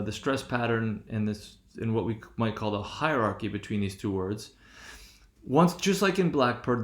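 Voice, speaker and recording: A man's voice: mid-range voice, echoey room. A man teaching a recorded lesson from his room, talking with many restarts and adding "right?" after nearly every point. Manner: hesitant, restarts often, keeps checking with "right?". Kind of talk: recorded lecture on English stress.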